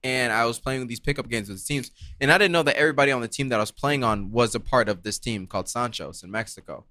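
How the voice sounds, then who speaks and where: A man's voice: mid-range voice, fast talker, sharp tone, dry recording, clean studio sound. A young man hosting a podcast, telling a story in casual chat and laughing often. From Arizona. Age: young adult. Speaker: podcast host.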